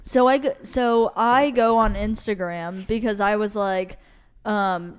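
A woman's voice: medium pitch, unhurried, smooth. A young woman co-hosting a podcast, chatting casually, telling stories with lots of fillers and swearing. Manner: chatty storyteller, swears, many likes and fillers. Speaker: podcast co-host. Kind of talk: casual chat.

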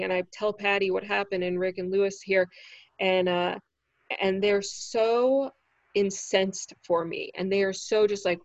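Gravelly-voiced woman telling stories. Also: mid-range voice, dry recording, lo-fi sound. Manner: animated, acts out quoted voices, swears freely. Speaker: standup comic telling a story. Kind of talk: casual storytelling chat.

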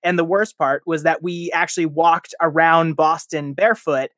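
A man's voice: fairly high pitch, fairly even intonation, moderate pace, a bit bright, no room sound, clean studio sound. A man chatting casually as a podcast guest, rambling and self-deprecating, often laughing at himself.

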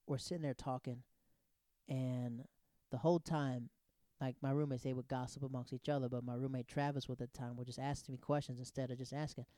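A man in his thirties telling personal stories in a casual, animated, digressive way, often restarting his sentences. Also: medium pitch, no room sound, clean studio sound. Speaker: storyteller. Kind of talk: casual anecdotal storytelling.

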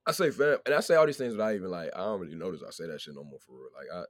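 Young man, low-pitched, quick talker, dry close sound, slangy casual podcast chatter. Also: no echo. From not from where the show is recorded. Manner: slangy, swears freely, animated storyteller. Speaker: podcast co-host, guest.

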